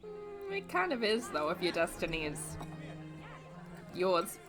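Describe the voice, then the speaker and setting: A young Australian woman reacting to films, exasperated and swearing as she yells at the screen. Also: medium pitch, wildly swooping pitch, takes it slowly, over music. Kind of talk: casual reaction commentary. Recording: film audio playing behind.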